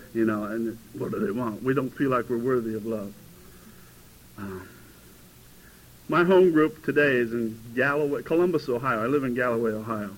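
A man in his fifties telling his recovery story to a meeting, animated and given to sudden loud outbursts. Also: medium pitch, poor audio. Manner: animated storytelling, bursts into shouting. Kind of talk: personal testimony to a meeting. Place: meeting hall before a live audience.

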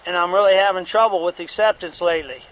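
A man's voice: sits high, steady tone, quick pace, fairly bright tone, lo-fi sound. A middle-aged man giving a candid, repetitive personal testimony at a recovery meeting, with occasional profanity.

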